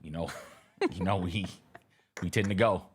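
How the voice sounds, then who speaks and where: A man's voice: low-pitched, measured pace, breathy edge. A man co-hosting a sports talk show, joking around and laughing in casual banter. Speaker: co-host.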